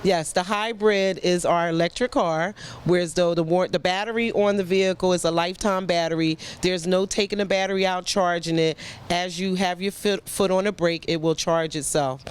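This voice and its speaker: Man, car salesman, matter-of-fact, fairly high clear voice. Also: steady tone, moderate pace. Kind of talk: casual product talk.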